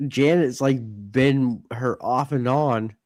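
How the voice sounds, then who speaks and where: A man hosting a comic book podcast, relaxed and agreeable, inviting others to chime in. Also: medium pitch, slow, over a noisy crowd. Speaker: podcast host. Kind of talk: casual chat.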